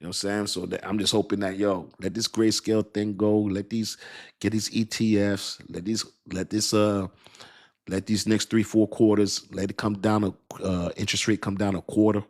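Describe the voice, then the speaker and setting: A man's voice: on the low side, level tone, moderate pace. Laid-back man chatting on a crypto livestream. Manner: laid-back slangy talk, frequent laughs. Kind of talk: casual livestream chat with viewers.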